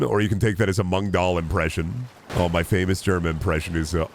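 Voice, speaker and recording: A man's voice: deep voice, fast, hardly any pauses, slight background noise. A man streaming a video game, rambling and joking with lots of fillers. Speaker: gaming streamer. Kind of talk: casual live-stream commentary.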